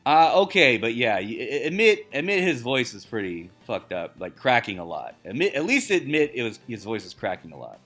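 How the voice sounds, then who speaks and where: A man's voice: mid-range voice, sing-song, brisk, few pauses, faint music behind. Swearing gaming streamer man, echoey room. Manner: swears a lot, laughs often, loud outbursts while playing. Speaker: live streamer. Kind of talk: casual gaming stream chat.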